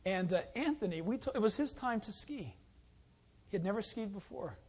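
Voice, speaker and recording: High-voiced man preaching a sermon. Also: normal speed, husky. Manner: storytelling, shouting and calling out when excited. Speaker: pastor.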